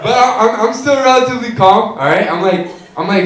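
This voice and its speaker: A young man telling a profane, animated stand-up story on a comedy club stage. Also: high-pitched, a little fast, distant mic. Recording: echoey club with crowd laughter. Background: audience laughter.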